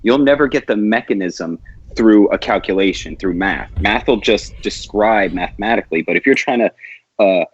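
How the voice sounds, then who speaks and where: A man on an online panel explaining his point in a measured way. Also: fairly low pitch, breathy edge, dull audio. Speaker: panel guest. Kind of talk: casual online panel chat.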